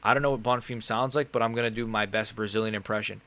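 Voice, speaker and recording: A man's voice: on the low side, fast, no room sound. Young man, live fight stream commentary, casual, swears a lot, gets heated. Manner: casual, swearing, animated and frustrated. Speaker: MMA streamer.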